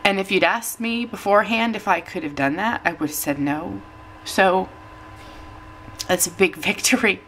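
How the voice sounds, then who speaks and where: A woman's voice: medium pitch, normal speed, a bit bright, slight background noise. A woman talks to her camera at home, chatty and emotional, tearful and laughing at herself. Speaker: weight-loss vlogger. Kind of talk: casual chat to camera.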